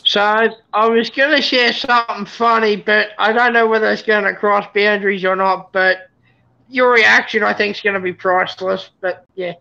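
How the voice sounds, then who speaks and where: A livestream guest telling rambling jokes in a deadpan, casual way. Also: mid-range voice, normal speed, vocal fry. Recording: lo-fi stream audio.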